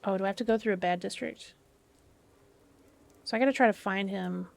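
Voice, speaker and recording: Gravelly-voiced woman streamer thinking aloud. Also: mid-range voice, a little fast, no room sound. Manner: chatty, thinks aloud, reads game dialogue aloud. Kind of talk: live gameplay commentary.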